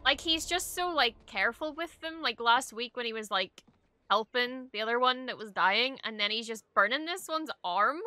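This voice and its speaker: A young adult woman giving casual reaction commentary at her home streaming desk, excitable and gushing, swearing freely. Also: fairly high pitch, normal speed, no room sound.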